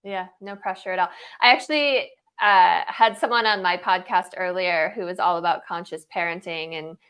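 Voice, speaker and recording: A woman's voice: fairly low pitch, moderate pace, a bit bright, clear, resonant tone. A woman guest coach talking in a casual interview, making emphatic points in rhythmic repeated lists and checking in with "right?".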